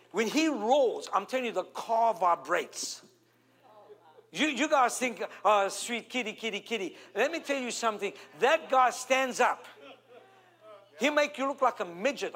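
Speaking with a South African accent, a man from South Africa preaches an animated sermon, stretching out key words and calling for amens from the congregation. His voice is extremely high-pitched and a little slow.

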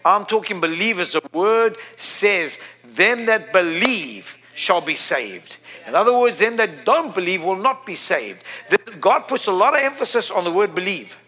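A man preaching a sermon, emphatic, repeating his phrases and building to loud peaks. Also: high-pitched, animated, measured pace, hardly any pauses.

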